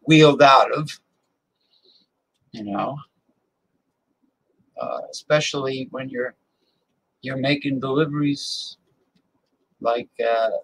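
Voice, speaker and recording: A man's voice: medium pitch, slow pace, creaky, pauses often, fairly bright tone, low-quality recording. A male host in a casual chat who rambles while giving advice.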